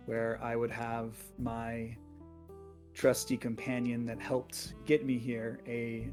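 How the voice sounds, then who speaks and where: A man playing a tabletop game in character, speaking in a hesitant, halting way. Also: medium pitch, darkish tone. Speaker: player.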